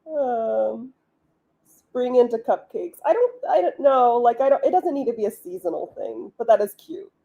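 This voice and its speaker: Mellow-voiced chatty woman streamer. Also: a little high, animated, moderate pace, creaky, highs cut off. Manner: chatty, giggly, many "like" fillers. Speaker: livestream host, author. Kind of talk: casual live-stream chat.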